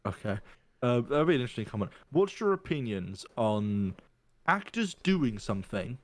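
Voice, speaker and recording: A man's voice: medium pitch, very animated, moderate pace, dry recording. A man in casual podcast chat, thinking aloud and rambling through restarts as he argues his point.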